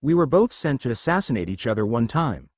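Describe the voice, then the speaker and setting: A man doing a smug gruff rogue ninja. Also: medium pitch, big pitch swings, a little fast, a little mellow, no room sound, clean studio sound. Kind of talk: storybook reading.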